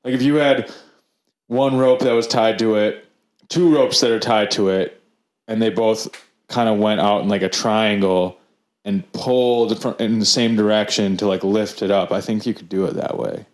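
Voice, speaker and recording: Rambling low-voiced podcast co-host man. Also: steady tone, normal speed. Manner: rambling, many fillers and restarts. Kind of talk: casual chat.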